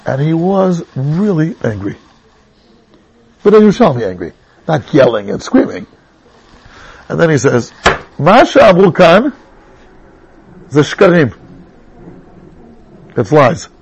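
Animated, gravelly middle-aged male Torah teacher. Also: unhurried, pauses often, poor audio. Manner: animated storyteller with sudden high exclamations. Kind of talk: Torah class with personal stories.

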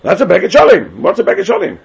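A man's voice: sits high, huge pitch swings, brisk, vocal fry, slightly rough. A man teaching a Talmud class, chanting phrases in a sing-song way and repeating his questions to the students. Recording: dull lo-fi class recording.

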